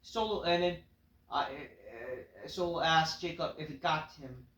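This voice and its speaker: A man's voice: on the high side, measured pace, a bit bright, reverberant, poor audio. A man casually recapping a wrestling show in a rambling, offhand way, full of fillers.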